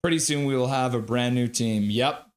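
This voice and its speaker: A man streaming live hockey play-by-play, excitable and profane, reading viewer chat aloud between calls. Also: medium pitch, moderate pace. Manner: excitable, swears, reads chat comments aloud.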